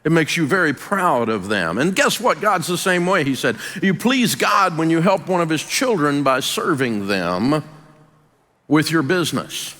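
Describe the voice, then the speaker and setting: An older man with a Southern US accent giving a folksy, emphatic business talk, dropping his voice low to stress points. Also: sing-song, a little slow, sharp tone, big-room sound. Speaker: business speaker and radio host.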